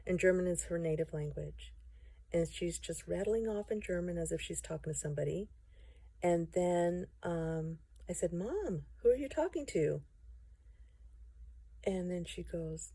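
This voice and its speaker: A middle-aged woman recounts her testimony with earnest, gentle pacing and soft pauses. Her voice sits a little low and sounds mellow and dark. The recording is close and dry. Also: lively intonation, creaky, breathy edge, no room sound. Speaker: testimony speaker. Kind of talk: personal testimony to camera.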